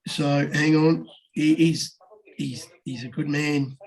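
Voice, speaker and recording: Aussie bloke, fairly high voice, casual sweary punting chat with a co-host. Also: male voice, steady tone, darkish tone. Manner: blokey, swears freely, talks fast with quick jumps in pitch. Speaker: podcast co-host giving racing tips.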